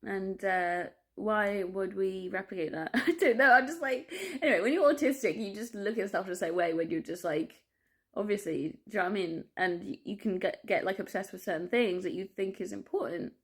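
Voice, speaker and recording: A woman vlogging a candid personal monologue, rambling, swearing freely and breaking off with laughs and quick apologies. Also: mid-range voice, husky. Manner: restless, self-interrupting, apologetic asides.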